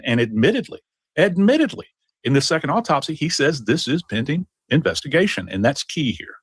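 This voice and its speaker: A man's voice: mid-range voice, no room sound. Brief: male forensic expert, precise and authoritative, dry close sound. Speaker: forensics professor, death investigator. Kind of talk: explanatory expert commentary.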